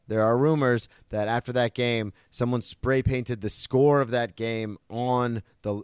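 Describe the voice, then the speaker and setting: Smooth low-voiced laid-back man. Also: no echo, studio quality. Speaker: podcast co-host. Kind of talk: casual sports chat.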